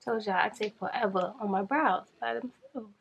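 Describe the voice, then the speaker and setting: A woman chatting to viewers in a casual makeup challenge vlog, flustered and rushing against a timer. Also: mid-range voice, creaky, breathy edge, highs cut off. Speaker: beauty vlogger.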